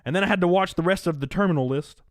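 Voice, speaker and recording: A man's voice: sits high, very fast, no echo, clean studio sound. A man hosting a casual livestream chat, talking loosely, laughing at his own jokes and reading out donations. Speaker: livestream host.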